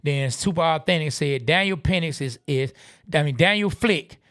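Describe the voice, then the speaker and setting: A laid-back man co-hosting a live stream, reading viewer comments aloud and riffing on them. His voice sits a little high for a man and sounds close and dry. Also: normal speed, fairly bright tone, dry recording. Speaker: podcast co-host.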